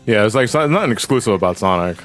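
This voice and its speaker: A man's voice: on the low side, expressive, quick pace, a bit bright, faint music behind. A man hosting a game stream, chatting casually with friends, loose and swearing. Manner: loose and swearing, laughs easily. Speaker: streamer host. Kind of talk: casual chat over gameplay.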